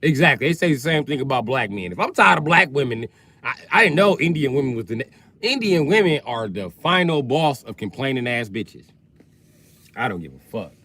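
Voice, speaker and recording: A man's voice: mid-range voice, very animated, fairly quick, bright, forceful tone, husky. A man riffing crudely on a livestream, swearing freely as he rants. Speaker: streamer. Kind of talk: profane comedic rant on a livestream.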